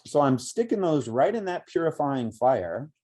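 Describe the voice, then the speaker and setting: A middle-aged man teaching meditation outdoors, explaining slowly and reflectively with many pauses and restarts. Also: fairly high pitch, very animated, mellow. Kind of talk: spoken meditation instruction. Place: outdoors by woods.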